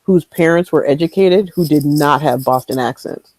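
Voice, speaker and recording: Woman panelist, casual podcast chat, soft trailing delivery, dry close sound. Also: low voice, moderate pace, dry recording, low-quality recording. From Michigan, USA.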